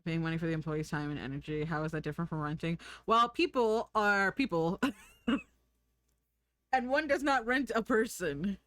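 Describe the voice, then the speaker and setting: A woman's voice: fairly low pitch, a bit bright, no room sound. A young woman streaming, chatting casually and giggling while she draws and reads chat. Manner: chatty, giggly, thinks aloud.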